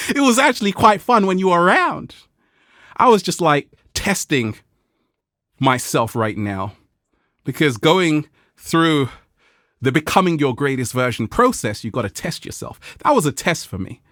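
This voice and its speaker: Speaking a little slowly, a man hosts a motivational vlog, playfully addressing viewers with frequent laughter and high-voiced impressions of people he quotes. The sound is clean studio audio with no room sound.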